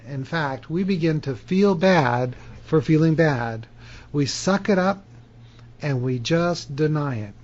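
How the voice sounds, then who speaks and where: A man with a slightly raised voice talks straight to camera as a self-help author. His telling is animated and emphatic. The sound is dull and lo-fi. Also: a little high. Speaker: author and hypnotherapy teacher. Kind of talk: self-help video monologue.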